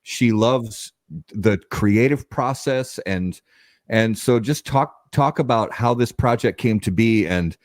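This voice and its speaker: A man's voice: on the low side, slow, no echo, studio quality. A male host asking a long, rambling question in a casual interview. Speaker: show host.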